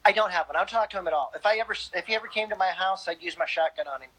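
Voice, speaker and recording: A woman's voice: lowish voice, very fast, fairly bright tone, slightly rough, low-quality recording. A woman guest in a casual interview, speaking candidly and bluntly with frequent laughs.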